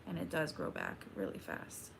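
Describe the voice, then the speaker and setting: A young woman hosting a casual livestream, reading chat aloud and chatting back in a slow, laid-back drawl. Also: low-pitched, wildly swooping pitch, creaky, background noise.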